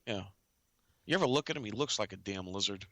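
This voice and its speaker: A man with a somewhat low, bright, forceful voice talks in a loose, rambling way, jumping between points and often trailing off. He sounds close and dry, like a casual talk-show host. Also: lively intonation, a little fast, no room sound. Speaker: podcast host.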